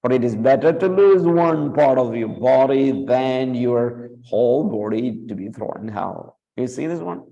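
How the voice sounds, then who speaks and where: A man's voice: mid-range voice, expressive, unhurried, creaky, few pauses, mellow, muffled recording. A man giving a classroom lecture as a Bible teacher, repeating key words, often checking in with "right?", and lifting his voice on scripture quotes. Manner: reads scripture quotes with raised emphasis.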